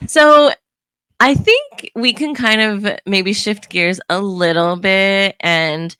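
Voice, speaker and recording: Bright-voiced woman co-hosting a chat. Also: mid-range voice, expressive, takes it slowly, clear, resonant tone, no room sound. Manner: chatty, laughs often, storytelling. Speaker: podcast co-host; youth soccer coach. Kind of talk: casual chat.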